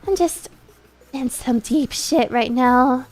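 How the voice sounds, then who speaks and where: Reading a game's dialogue on stream, a woman voices a panicky young vampire woman who is behind on her rent, sounding frantic, whiny and excitable. Her voice is high-pitched and slow.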